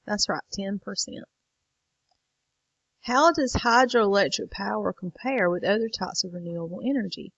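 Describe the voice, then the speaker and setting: A woman's voice: medium pitch, no echo, muffled recording. A woman teacher walking students through a lesson late in the evening, tired and yawning. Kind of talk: recorded lesson walkthrough.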